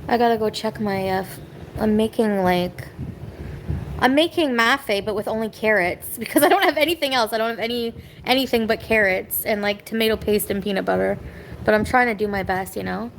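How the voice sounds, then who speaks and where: A woman's voice: mid-range voice, a little fast, slight background noise, poor audio. A woman venting on a live stream from her home, rambling and bitter, snapping back at people in the chat. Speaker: livestreamer. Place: home kitchen.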